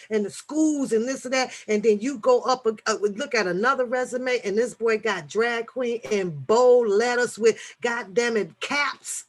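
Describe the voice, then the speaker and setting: A woman hosts a late-night casual chat, telling profane stories in an animated rush and breaking into laughter. Her voice sits a little on the high side. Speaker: reaction channel host.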